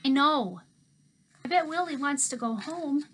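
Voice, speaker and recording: A woman's voice: sits high, lively intonation, a little slow, a bit bright, voice pushed up. A woman voicing an anxious young boy who pleads and keeps asking worried questions. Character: whiny anxious young boy, little brother.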